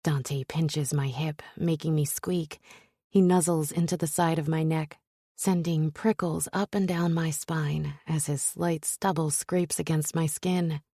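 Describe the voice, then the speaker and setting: A woman narrating a romance audiobook in a soft, intimate and breathy voice. She has a low pitch and an unhurried pace, and the close, dry studio sound puts her right at the listener's ear. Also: fairly even intonation, no room sound.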